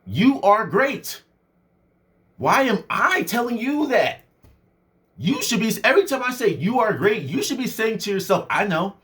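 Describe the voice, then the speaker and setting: A young man giving a casual motivational talk, animated and conversational, full of fillers, swinging his voice up and down for effect. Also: sits high, a little slow. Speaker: motivational speaker.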